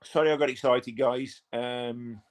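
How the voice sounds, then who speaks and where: A man hosts a live football watch-along from his home. He talks casually and rambles to his viewers, then breaks into quick play-by-play when the action heats up. His voice sits at an ordinary middle pitch for a man. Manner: chatty, rambling, bursts into excited play-by-play. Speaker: fan channel host.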